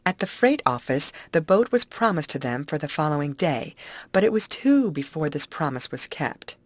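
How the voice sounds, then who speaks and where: A woman reading an adventure audiobook with expressive storytelling. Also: low-pitched, moderate pace, no echo. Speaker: audiobook narrator.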